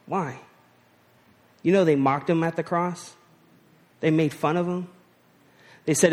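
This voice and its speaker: A man preaches in a relaxed, conversational way with a fairly high voice. He asks rhetorical questions and uses casual slang while he teaches from scripture. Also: a little slow, long pauses, big-room sound. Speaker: pastor. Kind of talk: sermon.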